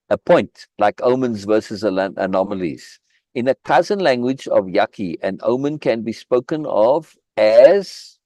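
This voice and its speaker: A man's voice: on the low side, darkish tone, no room sound. A man leading a live online book reading group, commenting in an emphatic way, often repeating words and restarting his phrases. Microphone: video call.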